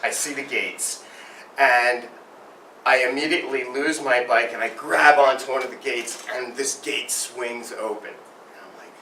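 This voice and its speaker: This man's bike near-miss story wanders and pokes fun at himself, delivered a little slowly in a medium-pitched voice with a bright, forceful tone. A distant mic gives a roomy sound with faint noise.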